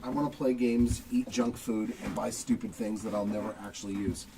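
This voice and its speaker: This middle-aged host of a live card break talks fairly quickly in a lowish, steady voice, joking and chatting while he calls out each pulled card. He sits far from the mic, somewhat off-axis, with faint background noise.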